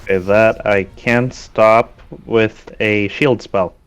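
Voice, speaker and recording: A man's voice: on the low side, fairly even intonation, slow, smooth, soft background music. A man playing a tabletop game, hesitantly asking how rolls and rules work. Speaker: player.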